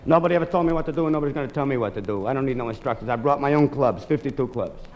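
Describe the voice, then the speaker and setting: A man acting out a gruff, boastful self-made golfer who refuses all advice, as part of a stand-up comedy routine. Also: medium pitch, rapid-fire, darkish tone, highs cut off, a little hiss or hum, pitched below the performer's own voice, lightly acted. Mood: blustering. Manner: blustering, insistent.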